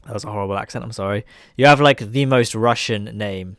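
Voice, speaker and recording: A man giving relaxed live commentary on a game he is playing, chatting with viewers and laughing often. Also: on the low side, moderate pace, no echo, studio quality. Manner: chatty, chuckling, talks to viewers. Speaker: streamer.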